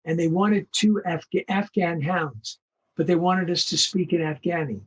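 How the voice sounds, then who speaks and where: An older male voice actor telling animated anecdotes in an interview, acting out the voices of the people he quotes. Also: on the high side, moderate pace, slightly rough. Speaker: guest voice actor. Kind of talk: storytelling interview.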